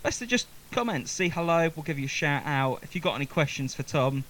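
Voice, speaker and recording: A man hosts a music session in an upbeat, joking way, laughing often. His pitch swings widely as he talks, over a faint hiss. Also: animated, a little fast. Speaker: host of a music session show. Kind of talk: casual hosting chat.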